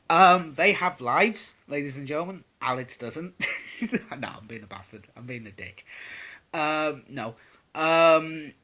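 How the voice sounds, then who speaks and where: A young man answers viewer questions in a laid-back vlog, his voice fairly high, bright and pushed, though he takes his time. He rambles, swears and fills the gaps with plenty of "um"s.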